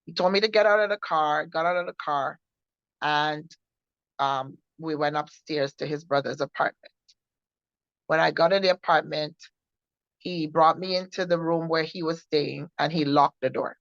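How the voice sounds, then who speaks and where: A woman's voice: deep voice, dry recording. Earnest woman telling her testimony. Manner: earnest, halting, with frequent restarts. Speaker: co-host sharing her testimony. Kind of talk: personal testimony storytelling. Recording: dull, muffled sound.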